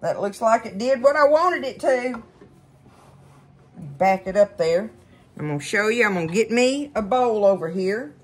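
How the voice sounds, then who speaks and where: A woman's voice: fairly high pitch, expressive, normal speed. Folksy woman cooking at home. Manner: chatty, folksy, keeps addressing viewers as y'all. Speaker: cooking show host. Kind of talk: casual cooking demonstration. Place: home kitchen.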